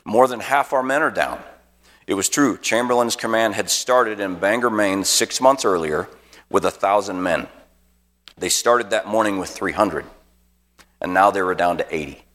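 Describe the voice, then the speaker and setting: A man's voice: low voice, moderate pace, a bit bright, long reverb tail. A man, a pastor, preaching a sermon by telling a battle story with vivid dramatic narration. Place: church auditorium.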